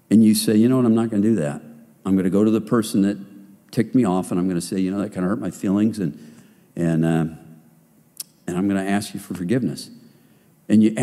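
A man preaching to a men's group in a casual, conversational way, acting out little quotes along the way. His pitch swings widely as he talks. The sound carries a long hall reverb. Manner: animated and conversational, acts out quotes. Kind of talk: sermon-style talk.

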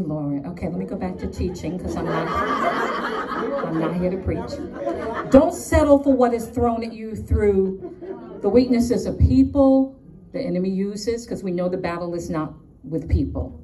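A woman's voice: medium pitch, mellow, distant mic, slight background noise. Fervent woman preacher with New York accent. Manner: fervent, repetitive emphatic lists. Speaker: conference speaker. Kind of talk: preaching and prayer. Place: conference hall.

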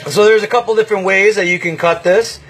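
A man hosting a casual home cooking livestream from his kitchen, laid-back and chatty, walking through each step with lots of pauses and fillers. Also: high-pitched, steady tone, a bit bright, faint music behind, poor audio.

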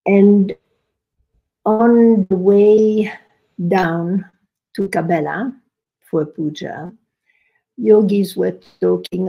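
An older woman telling a personal story in a podcast conversation, with lively quoting of what others said. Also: lowish voice, slow pace, vocal fry, pauses often, slightly rough, poor audio. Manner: animated storyteller, quotes others with rising emphasis. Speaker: podcast guest.

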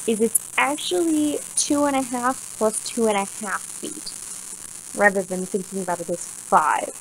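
A woman's voice: mid-range voice, creaky, a little hiss or hum, rough recording. A woman teaching Latin, patiently explaining poetic meter step by step in a lesson.

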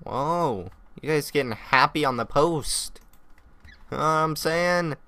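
A young man giving excitable let's-play commentary on a modded game, talking to the animals on screen. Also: fairly high pitch, slow. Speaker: gaming youtuber.

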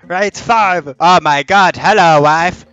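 A young man narrates his gameplay in a goofy, swearing, shouty way. His voice sits high and sounds bright and clean, and between outbursts he talks at an unhurried pace. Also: muffled recording. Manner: goofy, swearing, yelling at the game. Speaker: let's play host. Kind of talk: gaming commentary.

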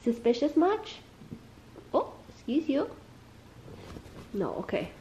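A woman's voice: high-pitched, very animated, slow pace, dark tone, a little hiss or hum. A young woman vlogging at home, coaxing her dog in baby talk and chatting to viewers. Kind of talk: casual vlog, talking to her dog.

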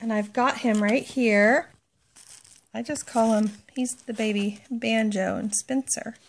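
A woman talks through a casual unboxing vlog, gushing and excitable, slipping into baby talk with her pets. Her voice sits a touch high, and she speaks slowly and without hurry. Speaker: vlogger.

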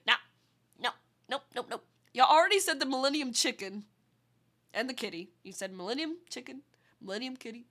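A woman's voice: high-pitched, animated, a little fast, long pauses, fairly bright tone. A woman streaming live in casual chat, sick and congested with a nasal, duck-like voice, bubbly and giggly and swearing freely.

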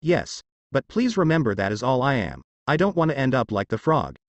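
A man's voice: medium pitch, very animated, fairly quick, dry recording, muffled recording. A man reading the part of a wise, dry, self-important talking head. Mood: wry.

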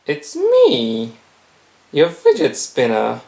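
Brief: a man playing a killer fidget spinner toy, sinister and taunting, lively swoops in pitch. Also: slow, creaky, heavily acted. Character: menacing male talking fidget spinner, murderous toy.

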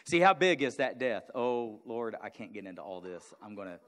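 A male pastor preaching a sermon, moving from a quiet personal story into loud, fervent exhortation to the congregation. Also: on the low side, sing-song, normal speed. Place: church sanctuary.

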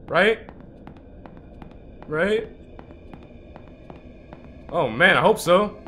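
A man playing a horror game and commenting, easily startled, swearing and yelling back at the ghosts. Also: high-pitched, a little hiss or hum. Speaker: gaming channel host.

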